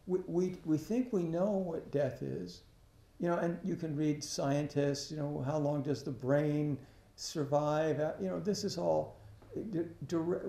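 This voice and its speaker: A man giving a Buddhist dharma talk, halting, often restarting his sentences, and asking rhetorical questions. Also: on the high side, vocal fry, warm tone. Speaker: Buddhist teacher. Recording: echoey room.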